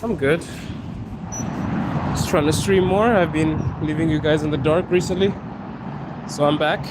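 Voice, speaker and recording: Chatty man live-streaming in loud metro. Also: a little high, moderate pace. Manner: chatty, talks straight to viewers. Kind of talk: casual walking live stream. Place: Moscow metro station. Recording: loud background noise from the metro. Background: metro and street noise.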